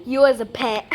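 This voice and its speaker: High-voiced woman playing a game. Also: pushed and bright. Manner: playful, mock-scared pleading. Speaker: gamer. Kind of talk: game commentary.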